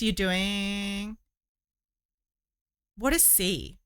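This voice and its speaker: A woman's voice: medium pitch, slow pace, long pauses, fairly bright tone, smooth. A woman chatting casually on a live stream while she crochets, joking and teasing playfully. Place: home streaming setup.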